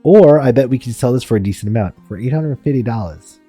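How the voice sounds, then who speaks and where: Excitable, jokey man streaming a game. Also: medium pitch, fast talker, slightly rough, soft background music. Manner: excitable, jokey, laughing often. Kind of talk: game commentary and reading.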